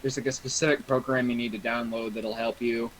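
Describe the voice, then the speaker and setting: Mid-pitched man, casual and hesitant, a friend dialing in. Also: little pitch movement, fairly quick, a bit bright, a little hiss or hum, low-quality recording. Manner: hesitant, stumbling starts. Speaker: friend on voice chat. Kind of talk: casual chat.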